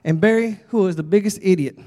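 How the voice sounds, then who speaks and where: A man from Texas, preaching at a revival and telling a folksy, animated story. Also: sits high, quick pace. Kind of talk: storytelling sermon. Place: church sanctuary. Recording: long church reverb.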